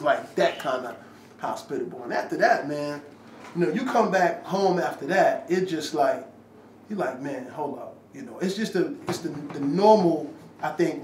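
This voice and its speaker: A man's voice: on the high side, darkish tone. A man telling a story in casual slang, acting out quotes and swearing as he goes. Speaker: rapper telling a story after an interview. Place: room, filmed by handheld camera. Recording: echoey room, from a distance, faint ambient noise.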